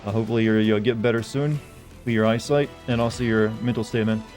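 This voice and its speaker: A man's voice: fairly low pitch, steady tone, fast talker, a little mellow. A man streaming a video game live, rambling casually with jokes and swearing. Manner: rambling, profane and joking. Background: faint game music.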